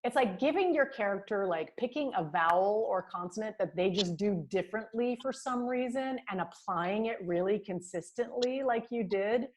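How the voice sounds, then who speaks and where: A woman teacher speaks over a video call, giving feedback to her voice class. Her pitch sits mid-range, and she talks in an enthusiastic, rambling way, full of ums and little laughs. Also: animated, moderate pace, hardly any pauses. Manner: warm praise, frequent fillers and laughs. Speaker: voice and diction teacher.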